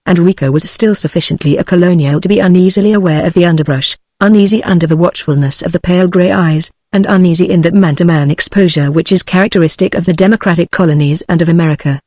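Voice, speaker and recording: A text-to-speech woman's voice with a British English accent, reading a novel aloud in an even, measured way. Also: on the low side, dry recording. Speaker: narrator. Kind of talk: synthetic audiobook narration.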